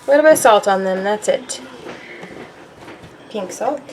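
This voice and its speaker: A woman's voice: medium pitch, expressive, moderate pace, darkish tone, a little hiss or hum. A young woman vlogging her day, chatting casually to her viewers. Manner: chatty, addresses viewers as you guys. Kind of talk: casual chat.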